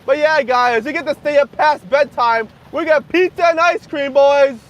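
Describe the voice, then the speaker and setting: A young man hosting a casual livestream, joking crudely and half-yelling to be heard over loud background noise. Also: extremely high pitch, normal speed, highs cut off. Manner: crude joking, frequent laughter. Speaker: livestream host. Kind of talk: casual livestream chat with viewers.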